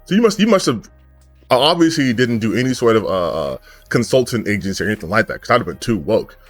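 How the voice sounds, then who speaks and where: A man's voice: medium pitch, lively intonation, fast, no echo, soft background music. A man giving a heated, profane commentary rant, angry and sarcastic. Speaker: gaming commentary YouTuber.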